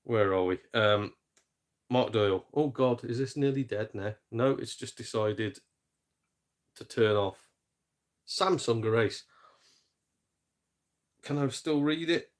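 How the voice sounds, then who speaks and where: A young man, chatting casually on a gaming live stream, joking, laughing easily and swearing mildly. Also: mid-range voice. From England, Shropshire near the Welsh border. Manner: chatty, jokey, quick laughs, mild swearing.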